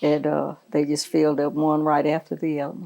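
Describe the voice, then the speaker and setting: Low, gravelly older woman recalling. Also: monotone, brisk, mellow. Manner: earnest, repeats short affirmations. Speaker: oral history interviewee. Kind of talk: oral history interview recollection.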